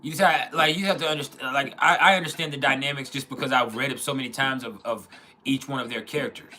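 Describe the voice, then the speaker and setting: A man's voice: medium pitch, steady tone, fast talker, sharp tone, slight background noise. A man hosting a casual livestream, rambling, often restarting his sentences and reading out chat comments. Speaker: livestream host.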